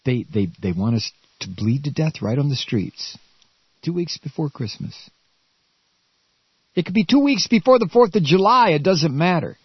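A man rants on the radio in a lively, swooping voice that climbs into shouts. His tone is a little husky and he stumbles over his words. The sound is dull and dry. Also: on the high side, normal speed, no echo. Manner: angry, stammering, shouting outbursts. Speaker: radio talk host. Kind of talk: political rant.

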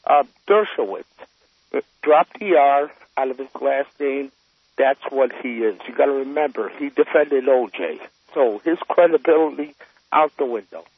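Chatty forties male caller, husky, heard through a narrow phone line. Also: medium pitch, normal speed, dry recording. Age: 40s. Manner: chatty, friendly, rambling. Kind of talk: casual phone call to radio show.

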